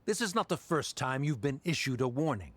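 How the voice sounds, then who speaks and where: A man's voice: medium pitch, big pitch swings, brisk, fairly bright tone, a little hiss or hum. An actor playing a cold, condescending male official who speaks in a haughty, officious way.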